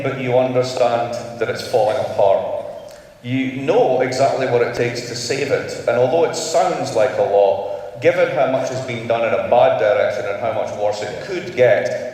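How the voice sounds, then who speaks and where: A man's voice: medium pitch, darkish tone. Panel moderator: a chatty man, recorded at a distance in an echoing hall. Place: large conference hall. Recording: echoey hall from far off.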